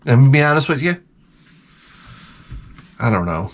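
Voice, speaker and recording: A man's voice: mid-range voice, unhurried. A middle-aged man ranting at home in a casual, profane, sarcastic vlog, telling stories with lots of swearing. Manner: profane, sarcastic, animated storytelling. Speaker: vlogger. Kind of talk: casual rant to camera.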